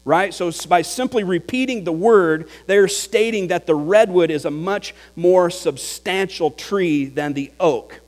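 A man's voice: high voice, unhurried, hardly any pauses. A man preaching a sermon, teaching in an explanatory way, with examples and repetition for emphasis. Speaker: pastor. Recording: hall reverb with mains hum.

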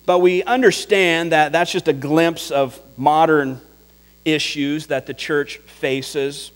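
A man preaching a sermon as pastor, deliberate and emphatic, building his points through repeated phrases. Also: fairly high pitch. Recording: long hall reverb.

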